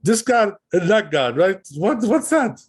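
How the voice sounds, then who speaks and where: Male rabbi, informal class, somewhat raised pitch; chatty, repetitive, keeps checking his listeners follow. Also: sing-song, a little slow, husky. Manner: explanatory, repeats words, checks in with "right?" and "you know?"; demonstrates pronunciation aloud. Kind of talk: informal Torah lesson.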